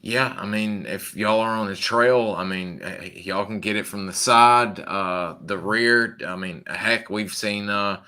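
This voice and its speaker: Man, Southern US accent, podcast host, low-pitched, forceful bright tone, casual rambling questions. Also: unhurried, hardly any pauses. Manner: rambling, filler-heavy, reads listener questions. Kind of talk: casual interview.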